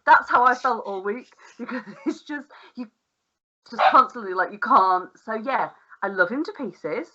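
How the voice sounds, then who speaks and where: A woman's voice: fairly high pitch, normal speed, bright, forceful tone, lo-fi sound. A woman co-hosting a podcast in casual, rambling chat, swearing freely and laughing often. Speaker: podcast co-host.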